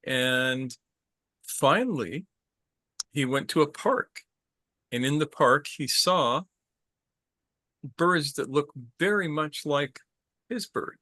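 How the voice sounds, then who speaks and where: Slow, bright-voiced man telling a story. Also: a little high, expressive, dry recording. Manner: casual, repeats words, asks the group questions. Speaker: storyteller leading a group. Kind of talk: telling a traditional story to a group.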